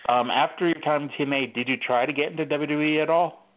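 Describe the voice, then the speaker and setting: A man hosting a podcast, asking brief, relaxed interview questions. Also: a little high, fast. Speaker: podcast host. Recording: phone-like lo-fi audio.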